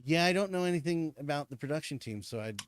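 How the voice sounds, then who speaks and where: A man co-hosting a casual podcast, chatting excitedly and swearing as he rants about shows. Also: fairly high pitch, fast. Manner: excitable, profane ranting with frequent laughs. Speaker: podcast co-host. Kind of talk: casual chat.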